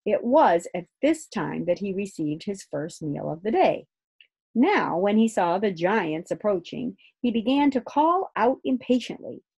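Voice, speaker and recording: A woman reading a children's book aloud in an expressive storytelling voice. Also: medium pitch, a little slow, creaky, husky.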